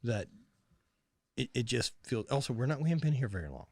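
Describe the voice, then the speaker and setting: A man's voice: mid-range voice, very animated, brisk, a little mellow, dry recording, studio quality. A man from the United States hosting a podcast, chatting casually with a joking, profane and emphatic manner. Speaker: podcast host. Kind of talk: casual chat.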